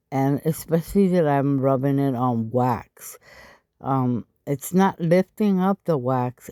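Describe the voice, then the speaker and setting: A woman talks through a craft tutorial in a raspy, low, tired voice that sounds a little stuffy. Her tone is mellow and dark, and she takes her time, chatting and adding asides between steps. The recording is dry, with almost no room sound. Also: dry recording. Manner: chatty, explaining step by step with frequent asides. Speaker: craft channel host.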